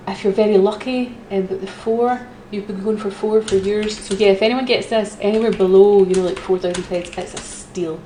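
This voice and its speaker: A woman's voice: mid-range voice, mellow. A woman hosting a live auction, chatty and giggly with frequent ums. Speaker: auction host. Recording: roomy echo with faint noise.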